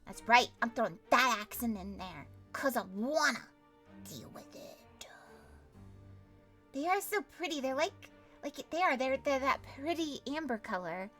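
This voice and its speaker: Bright, very expressive female streamer reading a story game aloud, big reactions, high voice. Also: unhurried, soft background music. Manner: animated, theatrical reactions.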